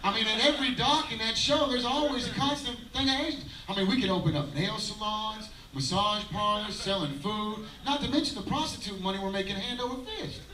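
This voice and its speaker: A man, doing a rambling, self-mocking stand-up set with halting fillers at an outdoor daytime show. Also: high voice, crowd noise. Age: 30s. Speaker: stand-up comedian. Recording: roomy live sound from a distance.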